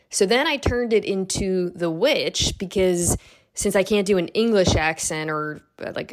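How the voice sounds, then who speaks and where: A woman and radio show regular giving a chatty, self-deprecating tribute. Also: fairly low pitch. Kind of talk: casual heartfelt tribute.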